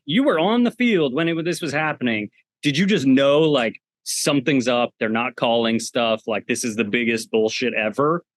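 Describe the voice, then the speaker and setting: A man's voice: mid-range voice, moderate pace, no echo, studio quality. Chatty male podcast co-host. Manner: chatty fan talk, many "like" fillers. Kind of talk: casual podcast chat.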